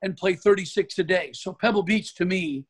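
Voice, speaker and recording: An older man from Oregon, a golf pro guest telling an animated anecdote in an interview. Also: high voice, moderate pace, husky. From Oregon, USA. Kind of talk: storytelling in an interview.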